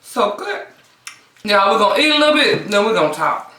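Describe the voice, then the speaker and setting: A woman's voice: medium pitch, big pitch swings, a little fast, sharp tone. A woman hosting a mukbang eating vlog from home, exuberant, breaking into song and cheers, then murmuring over her food. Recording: echoey room, mic at a distance, faint hiss.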